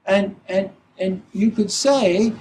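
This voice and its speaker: A middle-aged Zen teacher, a man with a fairly high but soft, mellow voice, gives a reflective dharma talk. He speaks haltingly, filling gaps with "you know" and restarting his sentences. Faint ambient noise sits behind him. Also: rough recording.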